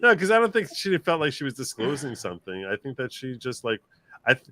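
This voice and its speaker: A man's voice: mid-range voice, a little fast. A man hosting a livestream panel in casual chat, reading viewer comments aloud and laughing often. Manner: animated, laughs often, mimics voices. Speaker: livestream host.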